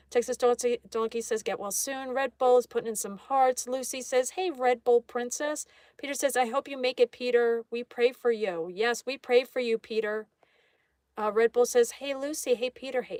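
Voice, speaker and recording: A woman with a voice on the high side hosts a casual live art stream, chatting while she draws. She reads viewer comments aloud and greets each person, and the recording is dry.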